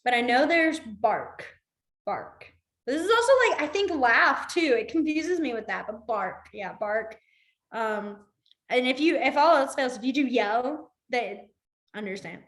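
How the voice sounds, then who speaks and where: A young woman with a slightly high voice runs an online beginner class from a room in her home. She talks in a loose, chatty way, wandering into side stories and going soft and low whenever she pauses to demonstrate. The sound carries a noticeable room echo from her computer mic. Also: animated. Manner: chatty, drifts into asides, trails off quietly while demonstrating signs. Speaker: sign language teacher. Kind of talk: casual online class instruction. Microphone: computer mic on a video call.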